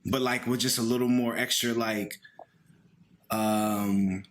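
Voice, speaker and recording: A man's voice: fairly low pitch, fairly even intonation, slow pace. A young man from the Philadelphia area co-hosting a casual podcast, talking bluntly and ramblingly and swearing freely. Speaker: podcast co-host. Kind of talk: casual chat.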